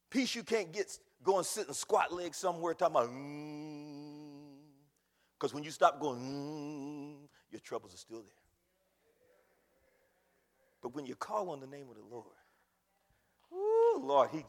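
A man preaches a sermon, his husky voice fairly high and swooping widely in pitch. He moves from hushed pleading to loud cries. The sound rings with a long hall reverb. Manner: impassioned, swings from hushed to shouting.

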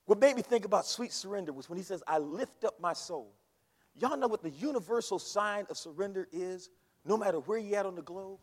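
A man's voice: high voice, expressive, a little fast. A man preaching a fiery sermon in a church, leading the congregation in call and response. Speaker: pastor. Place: church sanctuary. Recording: long hall reverb.

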